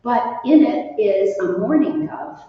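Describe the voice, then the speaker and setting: A woman leading a children's chapel, explaining a scripture passage simply and gently to kids. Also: medium pitch, very animated, takes it slowly. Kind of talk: children's sermon chat. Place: church. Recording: roomy church hall, distant mic, dull sound.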